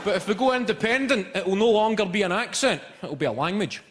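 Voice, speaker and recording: A Scottish man of around forty doing stand-up comedy, telling animated, sweary stories and slipping into other people's voices. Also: high-pitched, quick pace, very noisy. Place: comedy venue stage with a live audience. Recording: echoey live venue, loud crowd laughter.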